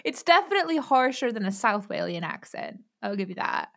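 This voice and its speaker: A woman's voice: medium pitch, big pitch swings, brisk, gravelly, fairly bright tone. American woman, easygoing podcast chat. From United States. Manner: easygoing, laughs often, dry joking. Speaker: podcast co-host. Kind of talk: casual chat.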